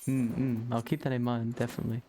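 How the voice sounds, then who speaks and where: A man casually chatting to himself and his chat while playing a game, excitable and prone to swearing. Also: medium pitch, fast, slight background noise. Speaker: streamer.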